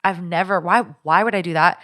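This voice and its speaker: A woman with a slightly low voice talks through a personal story on a podcast. Her delivery is loose and conversational, full of restarts and filler words. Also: brisk, bright, forceful tone. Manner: chatty, lots of 'like' and restarts, recounting a stalker story. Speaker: podcast co-host. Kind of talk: casual storytelling chat.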